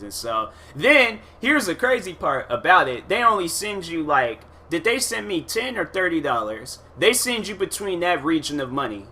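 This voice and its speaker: A man hosting a podcast, telling a story in a casual monologue, animated and exasperated, acting out his own reactions. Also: on the high side, normal speed, hardly any pauses, slight background noise. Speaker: podcast host.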